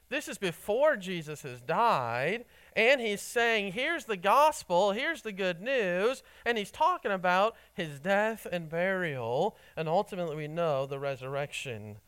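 A man with a fairly high voice preaches to his congregation. He teaches in an earnest, steady way and leans hard on key words, sometimes repeating them for emphasis. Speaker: pastor. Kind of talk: sermon.

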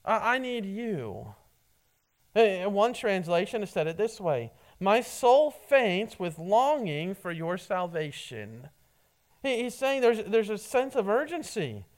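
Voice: medium pitch, big pitch swings, unhurried, a little mellow. A preacher giving a sermon, often stumbling and repeating words as a phrase begins.

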